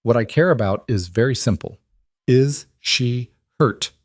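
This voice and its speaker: A man voicing a cold, controlled mafia boss who speaks in low, clipped commands. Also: a little slow, no echo, studio quality, natural voice. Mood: protective, firm.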